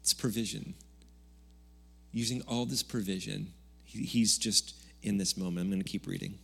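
A man's voice: on the low side, fairly even intonation, normal speed, vocal fry, breathy edge. Man preaching a casual, joking sermon. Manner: conversational, jokey preaching with sudden loud bursts. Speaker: pastor. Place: church service.

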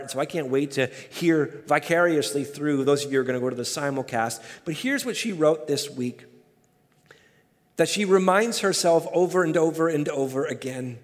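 Emphatic preaching man, church hall echo. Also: on the high side. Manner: emphatic, rising to loud peaks. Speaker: pastor. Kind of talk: sermon. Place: church sanctuary. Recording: hall reverb.

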